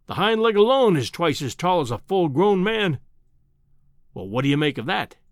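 A man's voice: high-pitched, very animated, normal speed, dry recording, studio quality. A man reading an audiobook, voicing a bombastic, scornful older male professor who lectures with an air of triumph. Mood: condescending.

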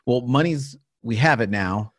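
A man in mid-range pitch talks shop with a co-host in an easy, joking way. He laughs often and trips over his own sentences as he goes. The sound is dry and close. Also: lively intonation, unhurried, no echo. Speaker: podcast co-host. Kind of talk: casual chat.

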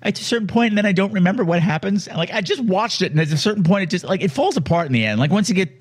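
A man with a notably high voice co-hosting a casual movie discussion. He gets emotional, stumbles and repeats himself as he talks through scenes. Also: animated, rapid-fire, husky. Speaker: podcast co-host.

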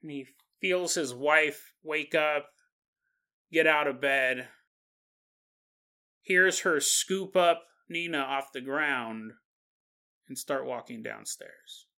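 A man's voice: on the high side, takes it slowly, pauses often, sharp tone. A man hosting a podcast, telling a story in a casual, conversational way with asides to the listener. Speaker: podcast host.

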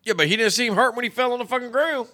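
A man's voice: very high-pitched, fast, sharp tone. A man co-hosting a podcast, chatting casually and profanely while reviewing a movie. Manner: profane, rambling, joking. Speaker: podcast co-host.

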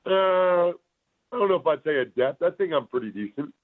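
A man, a guest football analyst from near Philadelphia, chatting casually by phone in an easygoing way with a hoarse voice. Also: fairly high pitch, animated, brisk. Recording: phone line.

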